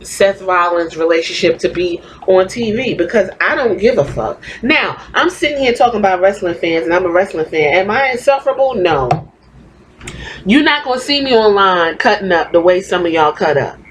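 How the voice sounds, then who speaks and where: A woman's voice: medium pitch, expressive, normal speed, a little hiss or hum, rough recording. Blunt, profane woman ranting. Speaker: podcast host. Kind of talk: opinionated podcast rant.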